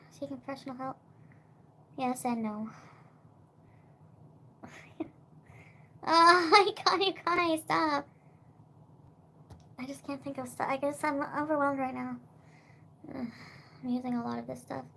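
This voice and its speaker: A woman's voice: sits high, steady tone, normal speed, creaky, pauses often, a little hiss or hum. A young woman livestreaming, rambling in casual chat with lots of "like" and swearing.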